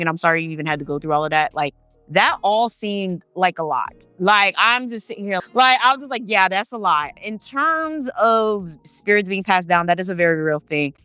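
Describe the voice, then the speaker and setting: A woman's voice: fairly low pitch, sharp tone, clean tone, dry recording. A woman hosting a storytelling channel, reading viewer stories aloud and breaking off for chatty, slangy asides. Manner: chatty, slangy asides between read passages.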